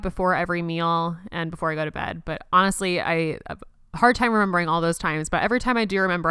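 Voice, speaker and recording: A young woman hosting a personal podcast, speaking gently and reassuringly as she leads listeners through a slow counted breathing exercise. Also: fairly low pitch, clean tone, dry recording, clean studio sound. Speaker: podcast host.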